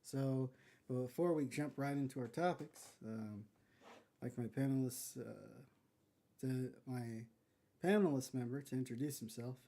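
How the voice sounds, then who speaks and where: Man, mellow dark voice, podcast host, halting speech, casual chat. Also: medium pitch. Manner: halting, many fillers and restarts.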